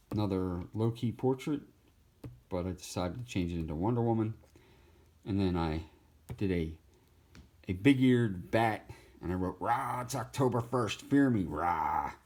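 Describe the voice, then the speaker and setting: Easygoing low-voiced man touring his sketchbook. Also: unhurried, pauses often, dark tone, a little hiss or hum. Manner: easygoing, laughs, jumps into goofy voices. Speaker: artist showing his sketchbook. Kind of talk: casual sketchbook tour.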